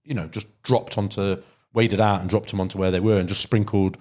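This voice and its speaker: A carp angler from Derbyshire, England, appears as a podcast guest, spinning long fishing stories in a casual chat that rambles with plenty of restarts and fillers. His voice sits on the low side, steady and brisk, with a darkish tone.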